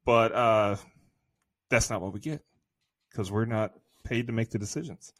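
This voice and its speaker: A man's voice: lowish voice, normal speed, no echo, studio quality. A man co-hosting a casual movie review podcast, venting in a profane, exasperated rant. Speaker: podcast co-host.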